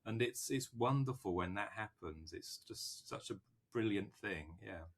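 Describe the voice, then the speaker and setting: A man's voice: fairly low pitch, lively intonation, measured pace, vocal fry. A man, a novelist guest, chatting casually and animatedly in an interview, laughing often.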